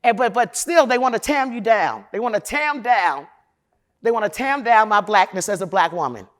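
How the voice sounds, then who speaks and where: Addressing the audience head-on, this Chicago defense lawyer is loud, opinionated, and emphatic in a frank, profanity-laced conference talk. She speaks at a normal speed with a medium, expressive voice.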